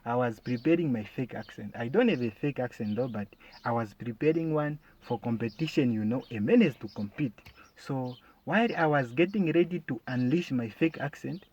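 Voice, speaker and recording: A man performing a stand-up comedy monologue, animated and bursting into loud shouted calls. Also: mid-range voice, normal speed. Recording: dull lo-fi recording.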